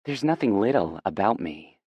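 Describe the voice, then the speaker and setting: A man voicing a sassy, deadpan young woman. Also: fairly low pitch, normal speed, slightly rough, no echo, highs cut off, voice pushed up. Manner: dry, matter-of-fact retorts.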